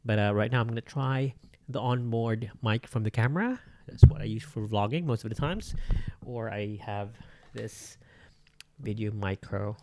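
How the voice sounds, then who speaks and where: Man, Bisaya Filipino accent, low voice, gravelly, rambling casual vlog, echoey room. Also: moderate pace, dark tone. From Philippines. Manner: rambling, unscripted, lots of fillers. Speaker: vlogger. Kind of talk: casual gear-testing vlog. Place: indoor room. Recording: echoey room, mic changes.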